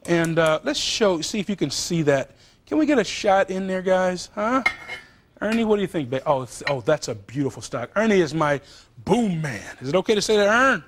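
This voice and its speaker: A man's voice: sits high, a little hiss or hum. A man hosting a TV cooking show, chatting and joking with the crew as he demonstrates recipes in a studio kitchen. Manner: chatty, animated, jokes with crew.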